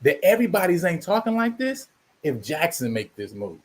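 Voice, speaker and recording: A man's voice: a little high, big pitch swings, normal speed. A man hosting his channel, delivering an emphatic, preachy commentary monologue and repeating himself for emphasis. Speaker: channel host.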